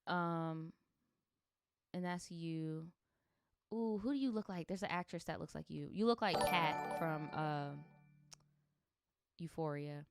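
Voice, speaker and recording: A woman's voice: low-pitched, slow pace, long pauses, clean tone, faint music behind. A young adult woman streaming, reading viewer stories aloud and reacting with sassy, slangy, profane commentary. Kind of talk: livestream story reading with commentary.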